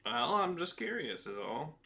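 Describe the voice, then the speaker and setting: Man voicing a curious little deep gnome girl. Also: big pitch swings, a little slow, vocal fry, sharp tone, heavily acted. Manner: curious, questioning. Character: small curious young female deep gnome.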